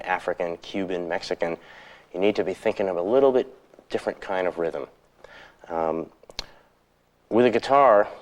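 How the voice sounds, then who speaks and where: Male guitar teacher, very low voice, easygoing, counts rhythms out loud for a lesson tape. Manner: relaxed, counts rhythms aloud. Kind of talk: instructional video lesson. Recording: 1990s instructional videotape.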